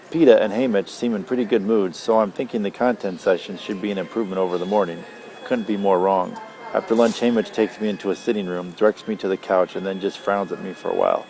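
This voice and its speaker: A father reading a novel aloud to his child, gentle and unhurried. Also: deep voice, steady tone. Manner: gentle, unhurried, tender asides.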